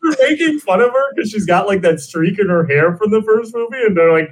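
A man with a slightly high voice talks through a film scene by scene, rambling and trailing off with plenty of fillers. He laughs often in an easy, casual podcast chat. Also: big pitch swings, normal speed. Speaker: podcast co-host. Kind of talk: casual movie discussion.

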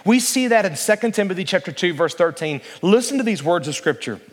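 A male pastor with a notably high voice delivers an earnest sermon. He slows to a deliberate pace over scripture and draws the congregation into answering. His words ring out with a long reverb from a large church hall. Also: expressive. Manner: earnest preaching, slows down to read scripture aloud, asks the congregation to respond.

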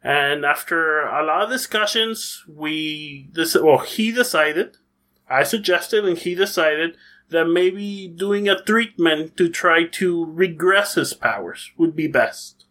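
A man voicing a gentle, human-sized male duck who is a school counselor, in a put-on Scottish accent and a soft, coaxing, fatherly manner. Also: a little high, takes it slowly. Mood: fond. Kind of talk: tabletop role-play character voice.

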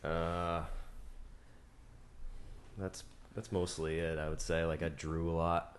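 A man's voice: deep voice, little pitch movement, slow pace, clear, resonant tone. A man chatting as a podcast guest, with a dry, teasing manner. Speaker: podcast guest, sketch comedian. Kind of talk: casual chat.

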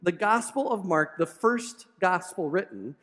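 Animated high-voiced male pastor. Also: a little slow, in a large hall. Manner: animated dramatic storytelling with humor. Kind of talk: sermon.

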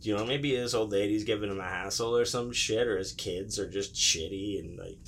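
Young guy spinning a story, swears a lot, does the voices, bright and a bit low. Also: moderate pace, a little hiss or hum. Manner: loose, profane, acts out voices while telling. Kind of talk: casual storytelling chat.

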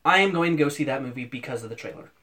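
A man's voice: medium pitch, animated, very fast, sharp tone. A young man co-hosting a podcast, casually arguing his opinions firmly. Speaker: podcast co-host. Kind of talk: casual chat.

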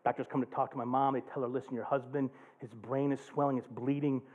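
A man's voice: medium pitch, flat delivery, fast. Tinny-sounding passionate male preacher. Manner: quiet and subdued telling a personal story, rising to loud passionate preaching. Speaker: pastor. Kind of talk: sermon.

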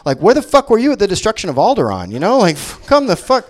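Sweary sarcastic guy doing standup, kinda high voice. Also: wildly swooping pitch, fast, few pauses. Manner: profane, sarcastic ranting. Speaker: stand-up comedian. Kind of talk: stand-up comedy set. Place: comedy venue.

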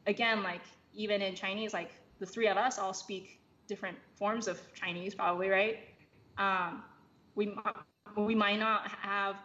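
Woman guest, bright tone, loose conversational explainer full of fillers; dull lo-fi recording, faint noise. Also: mid-range voice. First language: English. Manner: many fillers and restarts, rising into animated bursts. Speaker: podcast guest. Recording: slightly dull lo-fi audio with faint background hiss.

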